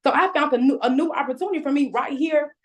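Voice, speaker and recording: A woman with a fairly high voice gives a guest talk over a video call. She speaks in a chatty, upbeat, conversational way. Her voice comes through a home computer. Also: fast.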